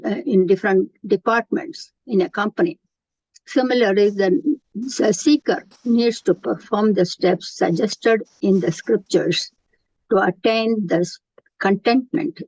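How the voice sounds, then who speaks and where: A woman's voice: medium pitch, gravelly, a little mellow, husky. A woman giving an earnest, explanatory spiritual lecture, often restarting her sentences. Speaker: Gita teacher. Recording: dull, dry lo-fi recording.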